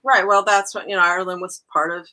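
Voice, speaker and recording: A woman documentary filmmaker as a guest on a chat show, speaking in a thoughtful, measured, slightly halting way. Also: on the low side, level tone, bright, forceful tone, low-quality recording. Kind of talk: casual interview chat.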